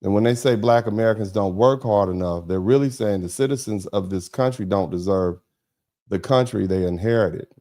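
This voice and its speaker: A man's voice: on the low side, moderate pace, dark tone. A man hosting a political commentary livestream, talking emphatically with lots of repetition. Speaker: host of a commentary broadcast.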